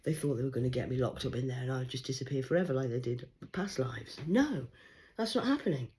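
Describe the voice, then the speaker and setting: A woman, reading tarot cards in a rambling livestream monologue, swinging between loud urgency and hushed murmurs. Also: a bass voice, animated, quick pace. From England. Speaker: tarot card reader.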